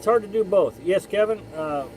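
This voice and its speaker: High-voiced man chatting on a live stream. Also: lively intonation, a little fast, a little mellow, slight background noise, rough recording. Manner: rambling, chatty, frequent restarts. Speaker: live stream host reading chat. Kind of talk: casual live chat.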